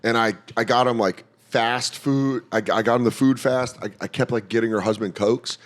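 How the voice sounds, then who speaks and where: A man talks easily in a relaxed podcast chat. He tells stories and slips into other people's voices when he quotes them. His voice sits in the middle of the usual range for a man. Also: medium pitch, moderate pace. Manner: storytelling, acting out quoted voices. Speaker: podcast guest, comedian. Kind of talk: casual chat.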